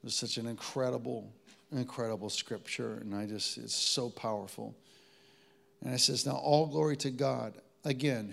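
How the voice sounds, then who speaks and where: A man's voice: medium pitch, moderate pace, gravelly, fairly bright tone. A man preaching a sermon to a live congregation, telling stories in a conversational way and calling on the audience to respond. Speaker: pastor.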